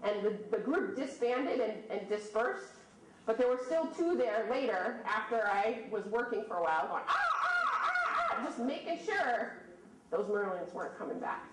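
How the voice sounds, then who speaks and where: A woman in her thirties, a birding presenter telling stories and quizzing a live audience in a lively way. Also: fairly high pitch, moderate pace, a crowd in the background. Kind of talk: storytelling talk to a live audience. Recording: echoey room from a distant mic, faint noise.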